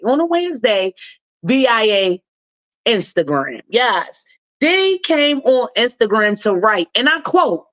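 A woman's voice: on the high side, no echo. A woman hosting a radio talk show, chatting loosely about celebrity news in a slangy way and drawing out her emphasis. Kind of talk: casual commentary on celebrity news. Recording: dull lo-fi sound.

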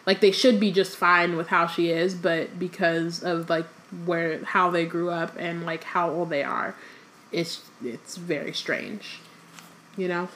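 A woman's voice: fairly low pitch, a bit bright, a little hiss or hum. A woman co-hosting a podcast, chatting casually with fillers and reading a book aloud in between.

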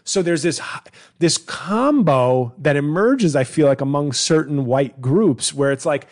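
A man's voice: fairly high pitch, animated, measured pace. A middle-aged male comedian hosting a solo podcast, rambling through a bit he is working on, restarting sentences and slipping into mock voices. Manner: rambling, self-interrupting, puts on mock voices for bits.

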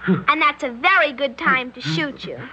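A woman playing an eerie, polite little girl who is calmly menacing, in old-time radio drama style. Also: sits high, lo-fi sound, full character voice. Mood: calmly sinister. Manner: sweet, prim and unhurried, chillingly calm. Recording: old radio broadcast, faint background hiss.

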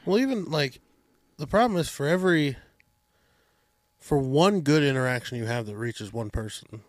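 A man hosting a podcast, telling stories in a casual, animated, profane way. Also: mid-range voice, moderate pace, dry recording. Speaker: podcast host. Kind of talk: casual chat.

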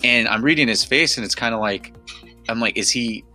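With faint music behind him, a podcast co-host from the United States rambles through a story, restarting and using fillers. His mid-range voice is pushed and bright, and he talks fairly quickly.

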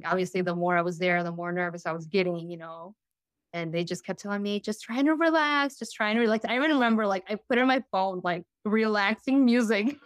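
A woman's voice: medium pitch, clear, resonant tone, no room sound. A young woman, a podcast guest, telling her story in a casual, chatty way, full of "you know" and "like".

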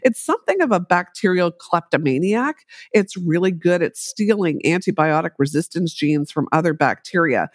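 A middle-aged woman telling a story as an interview guest, measured and explanatory, with frequent fillers. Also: on the low side, lively intonation, no room sound, clean studio sound. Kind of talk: conversational interview.

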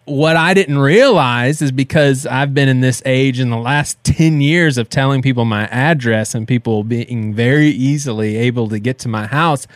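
A man in his thirties co-hosting a podcast, telling a story in a casual, animated way and laughing as he goes. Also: mid-range voice, moderate pace, few pauses, dry recording. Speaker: podcast co-host.

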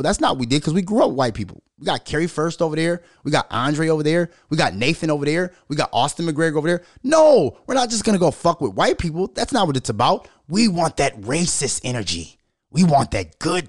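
A middle-aged man ranting in a loud, profane, storytelling way as a commentary vlogger. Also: a little high, dry recording, clean studio sound. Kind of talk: unscripted profane rant.

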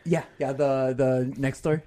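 Seorang pria muda yang mengobrol santai sebagai co-host, sering tertawa dan banyak kata pengisi. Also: male voice, mid-range voice, fairly even intonation, measured pace, mellow. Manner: chatty, lots of fillers, laughs often. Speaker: podcast co-host. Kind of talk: casual chat.

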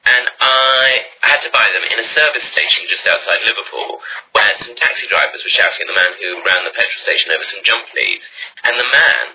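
A man's voice: lively intonation, a little fast. A man chatting casually and self-mockingly with his co-host over a video call. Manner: chatty, self-mocking, trails into lower mutters. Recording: slightly dull call audio with faint noise.

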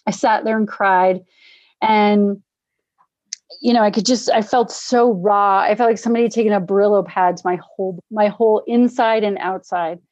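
A middle-aged woman tells a personal story in a relaxed, conversational way. She is animated and slips into the voices of the people she quotes. The recording is dull and dry. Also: medium pitch, moderate pace, no room sound. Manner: animated, acts out quoted voices, laughs often. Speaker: guest sharing recovery story. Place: Denver area.

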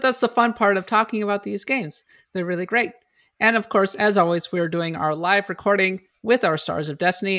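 A woman hosting a casual podcast, introducing her co-hosts and running through show notes and shout-outs in an upbeat way. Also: lowish voice. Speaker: podcast host.

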